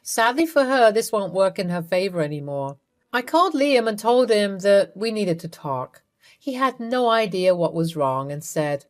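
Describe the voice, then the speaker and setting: A woman narrating a first-person story in a measured, coolly resentful way. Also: mid-range voice, very animated.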